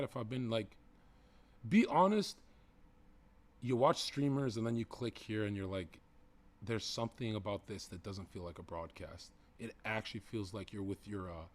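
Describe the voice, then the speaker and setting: Brash young guy streaming, joking and cussing, voice jumps around a lot. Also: medium pitch. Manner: brash, swearing, provocative joking. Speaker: livestreamer. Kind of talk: casual stream chat.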